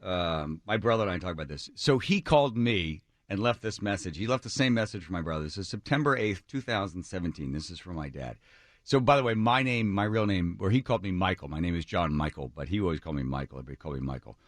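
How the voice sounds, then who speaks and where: A man's voice: deep voice, quick pace, dry recording, clean studio sound. A man hosting a radio talk show, telling a personal story and acting out what others said. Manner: animated, acts out quotes of others. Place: radio studio.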